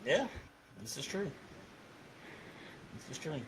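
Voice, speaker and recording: A man hosting a podcast, teasing his guest with blunt, quick comebacks. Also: fairly high pitch, very animated, a bit bright, slight background noise. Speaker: podcast host. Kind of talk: casual chat.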